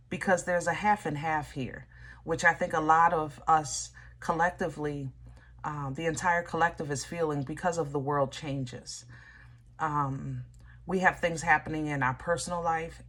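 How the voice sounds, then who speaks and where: A woman reading tarot cards for viewers, talking in a slow, soft, preachy way. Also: deep voice. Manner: emotional, exclaiming, with laughter and repeats. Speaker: tarot reader.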